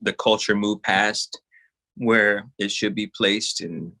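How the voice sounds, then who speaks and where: Laid-back low-voiced man from Texas. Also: steady tone, slow, sharp tone. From East Texas. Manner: laid-back, laughs often, trails off. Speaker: guest singer-songwriter. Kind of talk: casual interview chat.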